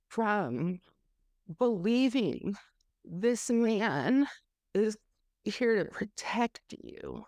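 A woman's voice: mid-range voice, darkish tone, dry recording, clean studio sound. A woman telling her own story in an interview, candid and emotional, swearing freely.

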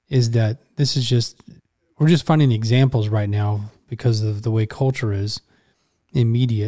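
A man talking earnestly in a casual church discussion. His voice is mellow and relaxed, and he sits at an ordinary middle pitch. He drives points home by repeating phrases. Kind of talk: casual talk with scripture.

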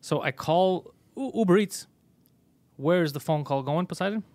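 A man hosting a casual comedy podcast, telling a story in an animated way and swearing a lot. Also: on the high side, moderate pace, no echo. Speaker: podcast host.

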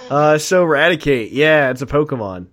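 A man's voice: a little high, animated, normal speed, a bit bright. A man hosting a casual podcast, talking in a laid-back, rambling way and laughing often. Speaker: podcast host.

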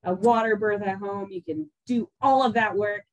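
A woman speaking as a podcast guest in relaxed conversation. She laughs easily and trails off with "um" and "you know" as she talks. The recording is close and dry, with no room sound. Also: medium pitch, moderate pace, dry recording, highs cut off. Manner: laughs often, trails off with fillers. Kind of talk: casual conversation.

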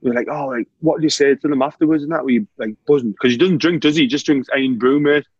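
A man's voice: medium pitch, fast talker, slightly rough, no echo, muffled recording. A man, a former footballer telling laughing anecdotes in casual chat. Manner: laughing, animated anecdotes with lots of "mate".

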